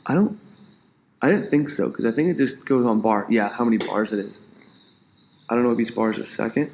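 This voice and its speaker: A man co-hosting a casual podcast, chiming in with jokes and quick remarks. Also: medium pitch, creaky, darkish tone. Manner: joking, quick interjections. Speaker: podcast co-host. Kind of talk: casual chat. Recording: echoey room with faint noise.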